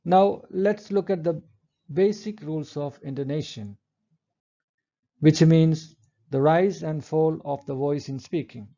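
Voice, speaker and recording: A man giving a recorded English lecture, explaining step by step in a measured way and reading example sentences aloud. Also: on the high side, warm tone, lo-fi sound.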